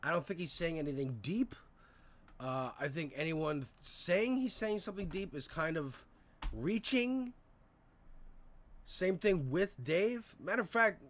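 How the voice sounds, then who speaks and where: 30s guy streaming, rambly and sweary, lots of uhs and likes, normal middle pitch. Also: a bit bright. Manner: rambling, profane storytelling with frequent fillers. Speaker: live streamer. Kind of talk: casual livestream commentary.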